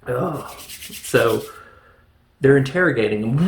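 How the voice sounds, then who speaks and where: A man recapping a film in a loose, rambling way, cracking jokes and laughing at the plot. His voice sits at an ordinary pitch for a man. The room around him is echoey. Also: expressive, normal speed, darkish tone. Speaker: film reviewer. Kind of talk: casual movie recap.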